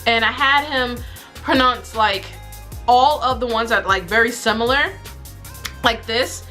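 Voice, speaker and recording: A young woman with a high, bright voice chats straight to camera in a casual vlog. She talks in an animated, exasperated, joking way, and faint music plays underneath. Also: measured pace. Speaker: vlogger. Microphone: camera mic.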